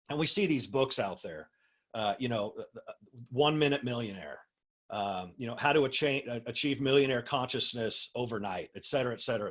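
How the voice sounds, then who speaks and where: A man's voice: mid-range voice, husky. A man, a minister, teaching a spiritual class over a video call, stressing key words and putting questions to his listeners. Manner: asks the listeners rhetorical questions.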